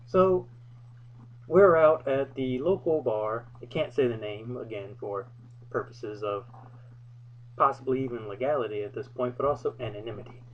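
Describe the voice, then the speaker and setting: A young man hosts his own vlog and tells a personal story with wry, self-deprecating humor. His voice sits at an ordinary middle pitch. The recording is a little dull and muffled, with faint noise behind him. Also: normal speed. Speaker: vlog host. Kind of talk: casual storytelling.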